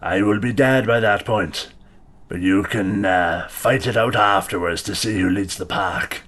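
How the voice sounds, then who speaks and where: A grim werewolf leader gives curt orders , voiced by a man running a tabletop game. The voice is low and quiet, with a flat, resigned delivery. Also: unhurried. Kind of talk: game master voicing a character.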